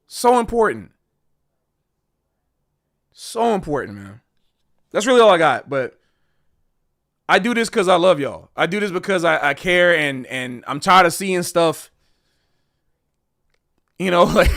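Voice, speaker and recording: Man, high-pitched voice, earnest rambling livestream talk. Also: animated, a little slow, long pauses, a bit bright. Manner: earnest, rambling, repeats himself. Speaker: streamer and jazz educator. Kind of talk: casual livestream monologue.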